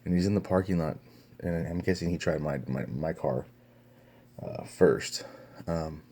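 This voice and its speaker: A man's voice: low voice, a little slow, warm tone. A young man telling a story to his vlog camera in a casual, profane way, with lots of fillers and restarts. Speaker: vlogger.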